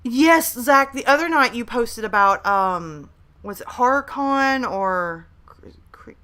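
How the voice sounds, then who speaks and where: A bright-voiced woman in her thirties talks into a desk mic at her laptop during a home live stream. She is hyper and chatty, greeting viewers and reading their messages aloud. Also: a little high, animated, takes it slowly. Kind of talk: casual live stream chat. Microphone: desk microphone at a laptop.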